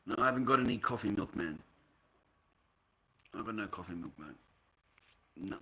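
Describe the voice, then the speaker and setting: Bright-voiced, foul-mouthed Australian man. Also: lowish voice, animated, normal speed, husky, rough recording. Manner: profane, blunt, ranting at his chat. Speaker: livestreamer. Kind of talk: casual livestream rant.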